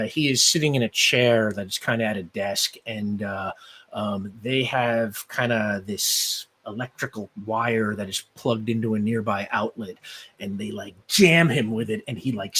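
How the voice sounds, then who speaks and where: A man's voice: on the low side, a little slow, fairly bright tone, husky. A man narrating as game master of a tabletop game, rambling and loose, with many fillers.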